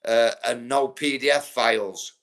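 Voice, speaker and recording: A man's voice: medium pitch, unhurried, fairly bright tone. A man in his forties with a Yorkshire accent, chatting on a live stream and telling stories full of swearing. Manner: swearing, rambling storyteller. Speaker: livestreamer. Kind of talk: casual live-stream chat.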